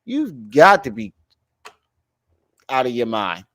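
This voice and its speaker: A man's voice: mid-range voice, unhurried, no room sound, studio quality. A man hosting a reaction show, commenting on clips in a mocking, slangy way.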